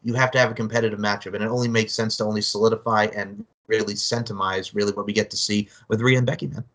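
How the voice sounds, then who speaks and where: A man's voice: fairly low pitch, fairly even intonation, quick pace, fairly bright tone. A man talking wrestling in a casual chat, rambling with lots of filler phrases. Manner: rambling, many "I mean" fillers.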